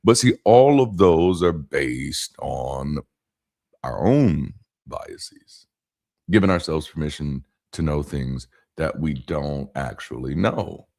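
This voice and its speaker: A man talking to camera in a casual spoken monologue, animated, with rhythmic emphasis and frequent restarts and asides. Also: a bass voice, slow, vocal fry. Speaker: YouTube commentator.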